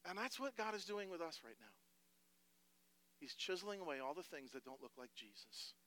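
Emphatic male preacher, bright high voice. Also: sing-song, moderate pace. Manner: emphatic, swinging from hushed to loud. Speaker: pastor. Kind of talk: sermon.

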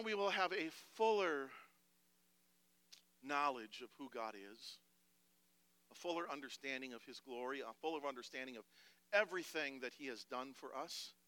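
A man, a pastor, preaching a sermon emphatically, moving between hushed passages and loud declarations. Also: on the high side, dry recording.

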